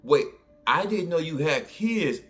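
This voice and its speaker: A man's voice: on the high side, animated, a little slow, faint music behind. A man with a New Orleans accent voicing a flustered young man on a date who stammers and hesitates.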